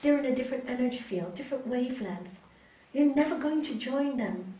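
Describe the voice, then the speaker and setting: A woman teaching a spiritual yoga course to a small group, talking in a lively way and acting out what other people say. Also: high voice, a little fast. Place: yoga hall, indoors. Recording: echoey hall, mic far off, faint hiss.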